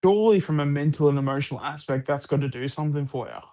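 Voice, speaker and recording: A man's voice: on the high side, quick pace, mellow. Rambling Australian man talking footy. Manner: rambling, full of fillers and restarts, casual swearing. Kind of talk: casual sports chat.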